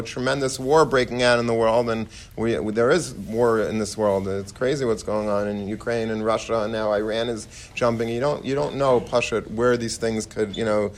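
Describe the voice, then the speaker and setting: A man giving an informal sermon to a study hall in a conversational way, with restarts and many Hebrew and Yiddish terms. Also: fairly low pitch. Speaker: rabbi giving a Torah talk.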